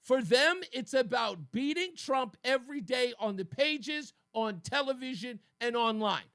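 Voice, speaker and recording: A male talk radio host speaks in a high, bright voice from a studio. He talks in an animated, mocking way and often breaks into laughter. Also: a little slow. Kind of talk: political talk radio monologue.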